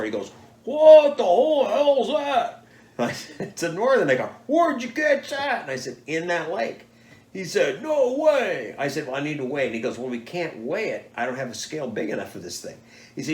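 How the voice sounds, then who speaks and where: Older man animatedly telling hunting tales. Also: mid-range voice. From United States. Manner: animated, acts out quoted people. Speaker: father telling stories. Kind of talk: casual storytelling. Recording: echoey room.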